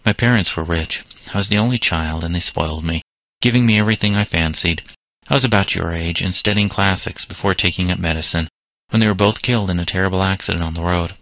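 A man reading a kindly, earnest middle-aged doctor in an audiobook, in a gentle, fatherly way. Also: low voice, fast talker, no room sound, rough recording. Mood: reflective.

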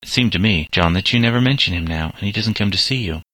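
A grave, devout father and doctor from a storybook, read by a man. He speaks gravely in a deep voice with a bright edge. The recording is close and dry. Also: fast talker, no room sound.

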